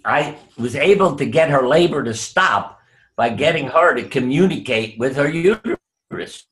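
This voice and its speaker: A man's voice: medium pitch, animated, a bit bright. An older man, a doctor, telling anecdotes in an interview over a video call. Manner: anecdotal, unhurried, drops voice for quoted lines. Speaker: guest, doctor. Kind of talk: storytelling interview.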